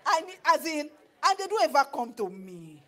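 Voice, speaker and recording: A middle-aged Nigerian woman preaching on marriage, animated and slipping into pidgin with acted asides. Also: sits high, moderate pace. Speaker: pastor and marriage counselor. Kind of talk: sermon.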